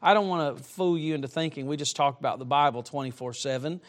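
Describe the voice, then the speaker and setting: A man's voice: a little high, fast. A middle-aged man preaching a sermon in a church, emphatic and dropping humorous asides. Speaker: traveling preacher. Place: church sanctuary.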